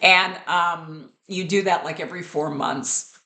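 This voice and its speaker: A woman's voice: on the low side, steady tone, unhurried, bright, forceful tone, reverberant. A woman in her fifties talking candidly and earnestly to camera in a personal vlog. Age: 50s. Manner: candid, earnest, with fillers and repeats. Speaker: vlogger.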